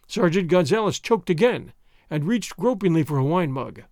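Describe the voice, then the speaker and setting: A man narrating a classic adventure story in a theatrical, expressive manner. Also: on the high side, moderate pace, no room sound, clean studio sound. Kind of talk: scripted audiobook narration.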